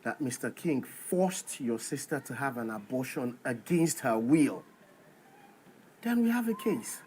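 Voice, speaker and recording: An actor playing a serious man who speaks firmly and in a measured way. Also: medium pitch, very animated, a little mellow.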